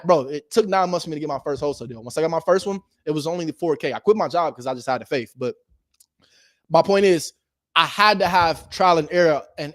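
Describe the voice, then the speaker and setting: A man giving a casual motivational talk as a host, animated and slangy, swinging between loud emphasis and low asides. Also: no room sound, studio quality. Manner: slangy and direct, addresses viewers as bro. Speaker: real estate investor and video host.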